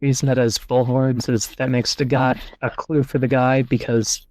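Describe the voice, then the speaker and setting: A man's voice: medium pitch, flat delivery, moderate pace, darkish tone, no echo. A man hosting a podcast over an online call. He reads passages aloud and reasons through them in a casual, thinking-aloud way. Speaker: podcast host. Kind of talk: casual discussion and reading aloud.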